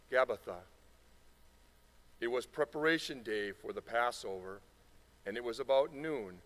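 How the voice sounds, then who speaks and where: A man reading the Passion aloud at a church service in a measured, solemn way. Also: mid-range voice, fairly bright tone.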